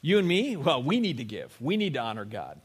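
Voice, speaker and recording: A man's voice: medium pitch, wildly swooping pitch, brisk, slightly rough. A man preaching a sermon to his congregation in a church, talking to them conversationally, often checking in with "right?" and acting out little quotes. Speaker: pastor. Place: church sanctuary.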